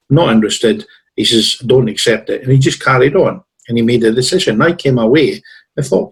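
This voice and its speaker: A man with a husky, breathy voice at an ordinary pitch. He is a guest on a talk show and tells rambling stories in a conversational way, slipping into the lines of the people in them. His throat sounds a bit tickly. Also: a little fast, poor audio. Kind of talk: storytelling in a conversation.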